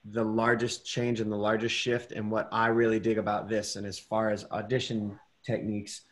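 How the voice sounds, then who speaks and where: A man giving a gentle, encouraging acting critique over a video call, pausing often to search for words. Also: on the low side, completely flat delivery. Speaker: masterclass teacher.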